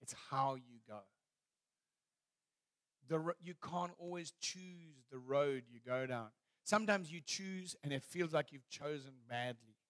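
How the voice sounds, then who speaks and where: A man's voice: on the high side, no room sound. A male pastor preaching a sermon, telling stories with humor and acting out scenes. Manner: animated storytelling, acting out scenes; warm humor, laughing at own stories.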